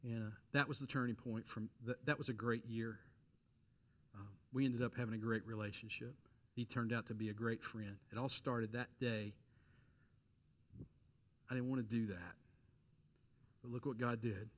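Male pastor, middle-aged, animated storyteller, mid-pitched voice, sermon. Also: moderate pace, pauses often.

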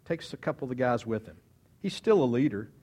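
A man preaching a sermon, retelling a story in an animated, dramatic way. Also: medium pitch, brisk, slightly rough.

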